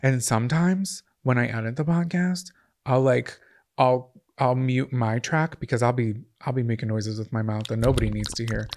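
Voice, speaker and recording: A man's voice: medium pitch, normal speed, darkish tone. A man co-hosting a podcast, telling rambling stories in casual comedic chat. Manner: rambling, chatty storytelling. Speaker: podcast co-host.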